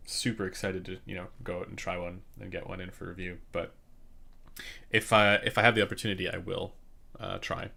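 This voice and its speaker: A man with a low, gravelly voice chats casually as host of a live question-and-answer stream. He rambles in a relaxed way, full of fillers and restarts. He talks into a studio condenser mic set a touch quiet, in a room at home. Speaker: headphone reviewer hosting a live Q&A. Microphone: studio condenser microphone, a bit quiet.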